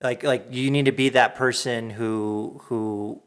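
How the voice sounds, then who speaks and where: Guy hosting a chill podcast, stops and restarts a lot, middle pitch, nothing fancy. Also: fairly even intonation, clean tone. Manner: halting, restarts sentences often. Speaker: podcast host. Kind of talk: casual chat.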